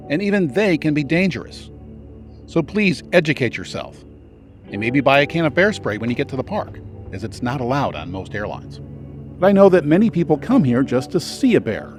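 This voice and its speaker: A man's voice: mid-range voice, sing-song, normal speed, soft background music. A man narrating a scripted travel guide in an earnest, advisory voice-over. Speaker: travel video host.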